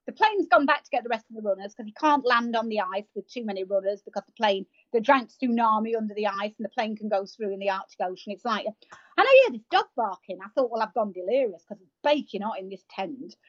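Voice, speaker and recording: A woman, telling stories as a podcast guest in a lively, self-mocking way, with plenty of fillers and restarts. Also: a little high, fast, dry recording, lo-fi sound. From United Kingdom. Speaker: guest, marathon runner. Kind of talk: casual storytelling in an interview.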